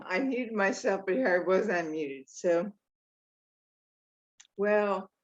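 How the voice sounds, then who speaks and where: A woman on a video call sharing reflectively, halting and searching for her words. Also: medium pitch, expressive, muffled recording. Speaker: study group participant.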